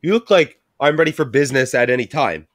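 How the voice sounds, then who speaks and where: A man's voice: medium pitch, lively intonation, fast, dry recording, clean studio sound. A man hosting a casual chat, teasing his friends with crude jokes and frequent laughter.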